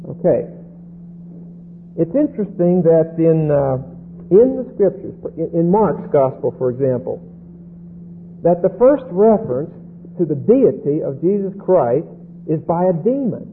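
Guy teaching bible verses really slow, higher voice, tinny phone sound. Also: big pitch swings. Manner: deliberate, repeats "okay?" checks. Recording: tinny phone-like line with faint hum.

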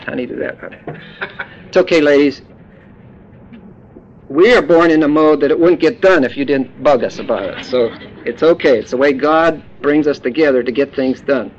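Guy preaching a sermon, folksy and jokey, kinda high voice, muffled lo-fi recording. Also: slight background noise. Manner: folksy, joking teacher explaining words. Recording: dull lo-fi sound.

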